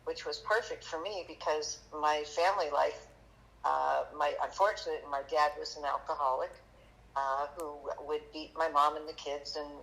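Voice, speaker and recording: A woman guest on a podcast, telling her story in a halting, chatty way with many fillers, turning lively when she quotes people. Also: low-pitched, creaky, poor audio. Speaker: magician guest. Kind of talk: conversational storytelling interview.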